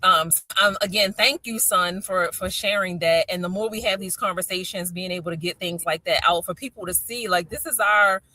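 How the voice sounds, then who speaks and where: A middle-aged woman with a Baltimore accent, hosting a casual chat and telling stories with lively acted-out quotes. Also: lowish voice, brisk, few pauses. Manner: animated storyteller, acts out quotes. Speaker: podcast host.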